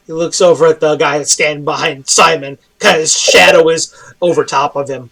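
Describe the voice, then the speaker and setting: A man's voice: fairly high pitch, steady tone, fairly quick, creaky, hardly any pauses, a bit bright, rough recording. A man narrating a tabletop role-playing game as game master, casual and full of fillers.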